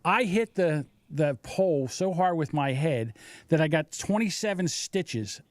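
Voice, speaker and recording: Older male storyteller, lively delivery, slightly higher voice, dry close-mic sound. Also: unhurried, dry recording. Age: 60s. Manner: animated storyteller acting out quoted voices. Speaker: podcast host. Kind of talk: casual storytelling chat.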